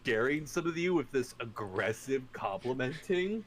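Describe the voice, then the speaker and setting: Male game master, lively swearing narrator, faint noise on the line. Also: medium pitch, moderate pace. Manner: profane, laughing, acts out players' lines in bursts. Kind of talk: casual tabletop game narration.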